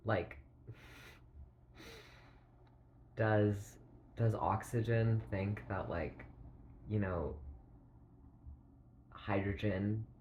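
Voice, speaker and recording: Slow, low-voiced man musing aloud. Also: fairly even intonation, a little mellow, slight background noise. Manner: meandering, full of "like", halting pauses and throat clearing. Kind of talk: rambling philosophical monologue.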